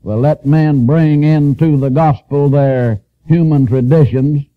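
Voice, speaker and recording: A man's voice: on the high side, no room sound. Man preaching over a tinny archival recording. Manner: measured, emphatic preaching with repeated phrases; reads scripture aloud in an old-fashioned cadence. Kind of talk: sermon.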